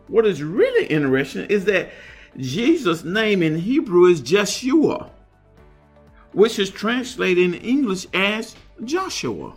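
A man with a fairly high, gravelly voice teaches a Bible study. He reads scripture aloud and then explains it in an unhurried, plain way. Faint music plays behind him. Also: fairly bright tone. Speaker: pastor.

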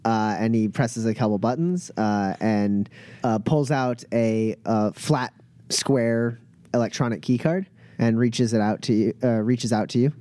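A man narrating as game master of a tabletop role-playing game, describing scenes with many filler pauses. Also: mid-range voice, dark tone, no room sound.

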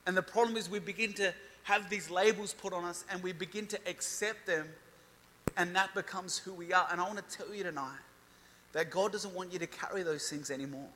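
A man's voice: high voice, steady tone, a little fast, sharp tone, a little hiss or hum. A man in his thirties preaching a youth sermon, declaring and building emphasis as he reads scripture. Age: 30s. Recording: reverberant hall.

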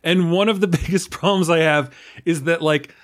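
A man's voice: fairly high pitch, moderate pace, fairly bright tone. A man hosting a podcast in casual chat. He rambles, runs himself down, and swears casually. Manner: rambling, self-deprecating, casually profane. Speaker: podcast host.

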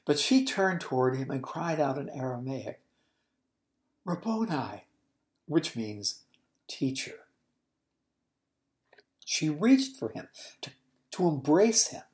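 Low, warm-toned woman teaching scripture, animated storyteller, unhurried. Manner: expressive, storytelling, explains original-language words. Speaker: Bible teacher. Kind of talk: expository Bible teaching.

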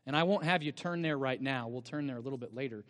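A man's voice: medium pitch, fast, a bit bright. A male pastor preaching a sermon, telling the story with energy and asking the congregation rhetorical questions. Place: church sanctuary. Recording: long church-hall reverb.

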